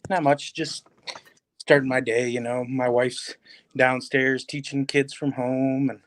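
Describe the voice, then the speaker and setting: A man's voice: mid-range voice, flat delivery, a little slow, slight background noise. A man from northern Michigan chatting casually as a guest on a video call, giving short, easygoing answers. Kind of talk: casual chat.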